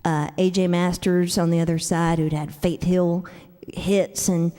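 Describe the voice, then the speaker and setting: A woman's voice: fairly low pitch, little pitch movement, measured pace, warm tone. A woman singer-songwriter chatting with the crowd between songs, joking and self-deprecating. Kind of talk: stage banter between songs. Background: guitar music.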